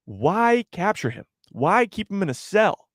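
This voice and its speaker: Animated playful young man streaming live. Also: sits high, measured pace, dry recording, clean studio sound. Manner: playful, teasing, rhetorical questions to chat. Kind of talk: casual live stream commentary.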